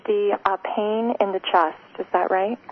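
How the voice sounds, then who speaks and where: A woman hosting a live call-in radio show, giving psychic readings in a hesitant, soft, emotional way with many fillers. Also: mid-range voice, fairly even intonation, unhurried. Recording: tinny phone-like radio sound, faint noise.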